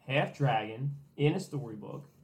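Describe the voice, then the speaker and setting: A woman's voice: rumbling low, moderate pace. A young woman chatting casually about a book, swearing and acting out the characters' lines. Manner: animated, swearing, mock-quotes characters. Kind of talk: casual podcast chat.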